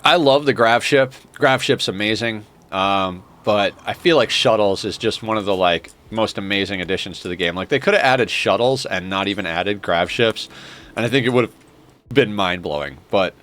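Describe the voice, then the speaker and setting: Male streamer, lower voice, morning-groggy, rambling and enthusiastic, casual gameplay commentary. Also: a bit bright. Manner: rambling, enthusiastic, lots of fillers.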